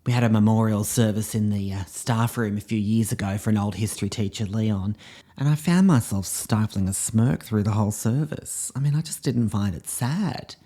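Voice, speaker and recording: This male speaker's voice is on the low side and mellow, and he talks at a moderate pace. He's voicing a self-important drama teacher, rambling and filler-heavy, as a character monologue for a comedy podcast.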